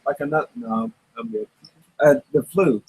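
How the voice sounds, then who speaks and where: A man co-hosting a casual chat, speaking hesitantly and in halting bits. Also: medium pitch, a crowd in the background, rough recording.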